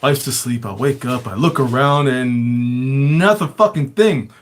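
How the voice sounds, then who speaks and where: A man's voice: medium pitch, unhurried. Man host with a mid-range voice, loose and profane, laughs through his own stories. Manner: profane, swears constantly, chuckles often. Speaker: show host. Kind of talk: casual storytelling.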